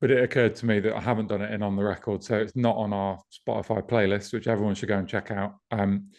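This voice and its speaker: A man co-hosting a podcast in relaxed casual chat, with lots of ums and casual swearing. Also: on the low side, fast talker. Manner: laid-back, swears casually, many ums. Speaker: podcast co-host, festival promoter.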